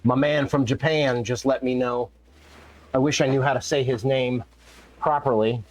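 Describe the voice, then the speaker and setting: This man has a mid-range voice with a steady tone and moderate pace. He's casually chatting while streaming a racing game live, playing around with his viewers and his cats.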